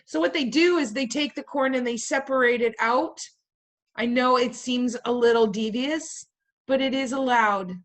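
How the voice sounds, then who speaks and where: A woman teaching a class in a playful way, firing questions at her students and tossing in jokey asides. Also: a little high. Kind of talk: classroom lecture.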